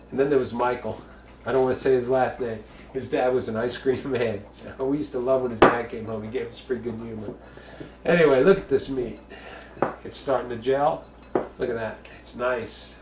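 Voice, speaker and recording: A man's voice: mid-range voice, fairly even intonation, moderate pace, roomy sound, distant mic, very noisy. A man from the Bronx, hosting a casual home cooking show, chatty and jokey with bawdy asides. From the Bronx, New York.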